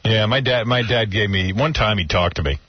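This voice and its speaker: A man telling animated stories on a talk radio show, shouting when he does impressions of his father. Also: lowish voice, a little fast, slight background noise. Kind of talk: casual talk radio banter. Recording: dull radio broadcast sound.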